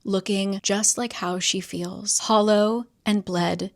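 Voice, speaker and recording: A woman's voice: medium pitch, fairly even intonation, takes it slowly, creaky. A woman recapping a novel's plot casually, chatty, with wry asides and giggles. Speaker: book summary creator.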